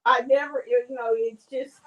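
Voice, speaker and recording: A woman's voice: a little high, fairly even intonation, measured pace, lo-fi sound. A woman chatting casually with friends, telling teasing stories and laughing often. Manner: giggly, teasing storyteller. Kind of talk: casual chat among friends.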